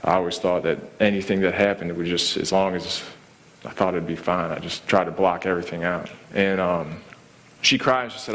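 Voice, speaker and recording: Man, low voice, halting testimony with fillers, in a reverberant hall. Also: fairly even intonation, fairly bright tone. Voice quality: plain, halting with many fillers and restarts. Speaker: testimony speaker. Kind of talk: personal testimony, casual storytelling.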